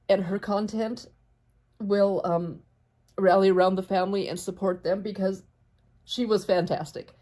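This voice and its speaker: A woman's voice: mid-range voice, a little mellow. Chatty woman talking while quilting. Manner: chatty, rambling, talks to her cat. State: tearful. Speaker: quilting vlogger. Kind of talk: casual chat while sewing.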